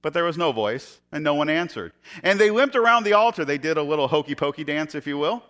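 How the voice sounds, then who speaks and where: A man's voice: animated, fast talker, a bit bright. A man preaching a sermon, retelling a scripture story with sarcastic jokes, laughing now and then and acting out the quoted lines in shifting voices. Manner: acts out quoted speech in higher and lower voices. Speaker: pastor.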